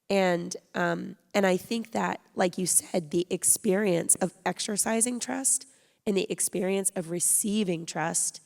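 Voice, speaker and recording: A woman speaking on a panel in a low, relaxed, conversational way. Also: vocal fry. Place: theatre stage. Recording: long hall reverb.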